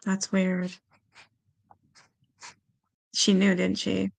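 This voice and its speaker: Woman streamer, casual and chatty, swears freely, mid-pitched voice, dry close sound. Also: monotone, extremely slow, gravelly, no echo. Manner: chatty, swears freely, talks to her chat; coos at her cats in a high baby voice. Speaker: true-crime livestream host. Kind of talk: casual livestream chat.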